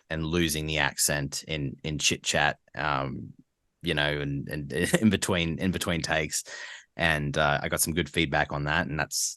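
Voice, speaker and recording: A man from Australia with a strikingly deep, low voice, talking as a guest in a casual podcast interview. He is relaxed, laughs easily and trips over and restarts words while he gathers his thoughts. The sound is dry and close, with no room echo. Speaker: guest voice actor.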